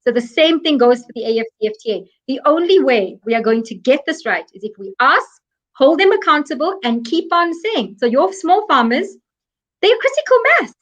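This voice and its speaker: A woman's voice: high voice, lively intonation, brisk. A woman from Africa, speaking as a guest expert in an interview, explaining earnestly and stressing her points with repetition. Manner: emphatic, earnest, repeats key points.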